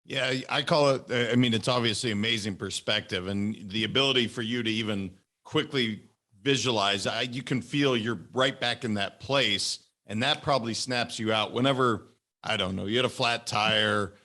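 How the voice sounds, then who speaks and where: Man, podcast host, medium pitch, enthusiastic, long questions. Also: normal speed, pushed and bright. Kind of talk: interview.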